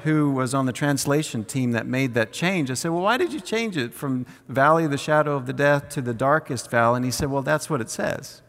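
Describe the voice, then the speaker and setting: A man preaching a sermon, leading the congregation through call-and-response scripture reading with slow, drawn-out emphasis. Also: mid-range voice, a bit bright. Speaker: pastor. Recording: long hall reverb.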